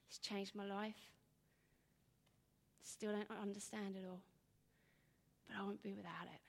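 Woman in her thirties, informal talk, rambling, gravelly voice, long hall echo. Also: medium pitch, measured pace, pauses often. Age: 30s. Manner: rambling, animated storytelling with hushed asides. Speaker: speaker giving a talk.

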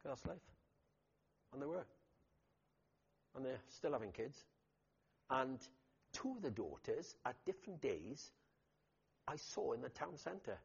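Man, pastor preaching, husky voice, lively storytelling, dull lo-fi recording. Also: mid-range voice, a little slow, long pauses. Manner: animated storytelling with loud emphatic bursts. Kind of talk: sermon.

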